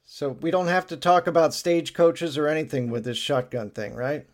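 A man's voice: on the high side, moderate pace. A man hosting a podcast, recapping a story in a casual, upbeat way and laughing often. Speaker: podcast host.

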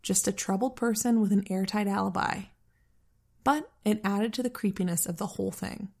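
A woman's voice: medium pitch, normal speed, creaky, a little mellow. A woman co-hosting a true-crime podcast, narrating the case in an earnest, easygoing way. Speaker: podcast co-host. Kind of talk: casual true-crime storytelling.

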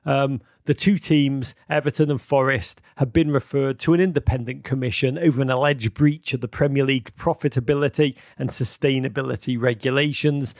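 A man hosting a live-streamed football chat, excitable and theatrical, swinging from outbursts to mock gloom with many ums. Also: fairly high pitch, dry recording, studio quality. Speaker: host.

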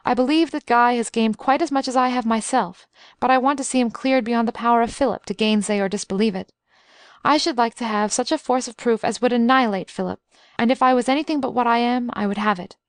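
A woman voicing an excitable young invalid man who is wry, talkative and full of schemes, in a storybook reading. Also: a little high, brisk, no room sound, studio quality, natural voice. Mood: eager scheming.

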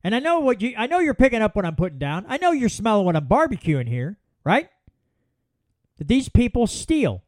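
A man hosts his podcast alone. His voice sits high and swings widely as he spins folksy stories, and the sound is dry and close. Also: a little fast, no echo. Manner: folksy, animated storytelling with repeated restarts. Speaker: podcast host. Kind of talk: solo political commentary.

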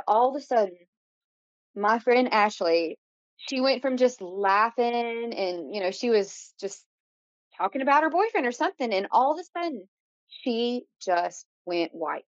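A woman in her late thirties tells a frightening story from her youth as a podcast guest. She talks in an animated way, acting out what people said and filling gaps with "like" and "you know". The audio is dull and lo-fi, with a dry, close sound. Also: on the high side, moderate pace, dry recording. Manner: animated storytelling, acts out quotes, many fillers. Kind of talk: recounting a paranormal story.

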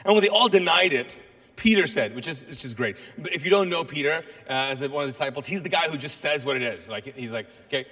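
A man preaching a sermon as a pastor, telling a Bible story with animated asides and acted-out lines for the people in it. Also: on the high side, fast, big-room sound. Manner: animated storytelling, acts out voices of biblical figures.

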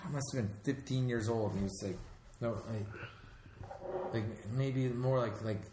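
A man's voice: medium pitch, unhurried. Man telling a story in an echoey room. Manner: swears, animated retelling with laughs. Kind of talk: casual chat, storytelling. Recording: echoey room with faint noise.

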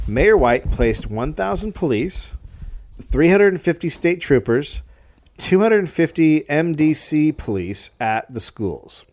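A man tells a history story for a comedy podcast in a studio, reading from his notes. His pitch rises and falls a lot as he drops dry, joking asides. He sometimes trips over a word and laughs it off. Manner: reads notes with wry asides, stumbles and laughs.

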